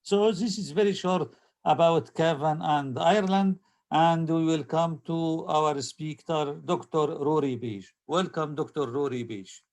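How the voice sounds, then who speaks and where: A man hosting an online medical webinar and introducing the guest speaker over a video call, halting and filling pauses as he talks. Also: a little high, darkish tone. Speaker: webinar host.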